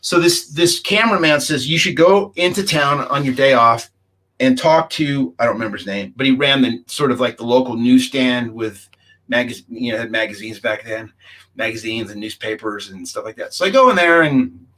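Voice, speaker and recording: A man's voice: mid-range voice, normal speed, fairly bright tone. Middle-aged man telling a rambling story. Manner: rambling, acts out the dialogue of others. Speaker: guest recounting a UFO encounter. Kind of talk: casual anecdotal storytelling.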